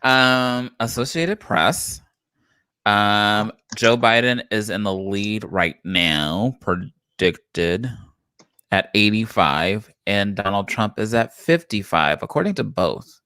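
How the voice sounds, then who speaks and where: A man's voice: lowish voice, slow, pushed and bright, smooth, dry recording, clean studio sound. A man co-hosting a casual live stream, reading election results with many fillers and stumbling self-consciously over names.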